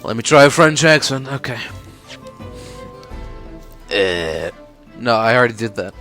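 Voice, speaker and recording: A man's voice: medium pitch, animated, unhurried, pauses often, sharp tone, faint music behind. A man casually playing through a video game and reading it aloud, with self-deprecating asides. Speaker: let's play host.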